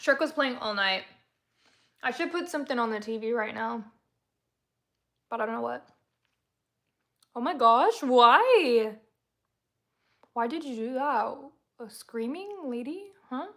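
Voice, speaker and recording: A woman's voice: fairly high pitch, animated, normal speed, long pauses, a bit bright. A woman from Texas, chatting casually with viewers on a livestream, rambling through stories and laughing often. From San Antonio, Texas, USA.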